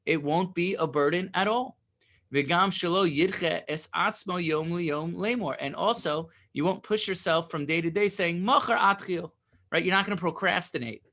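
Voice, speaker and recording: A man's voice: high voice, moderate pace, pushed and bright. A man teaching a Torah lesson, reading Hebrew phrases and explaining them in casual English, often checking in with "right?".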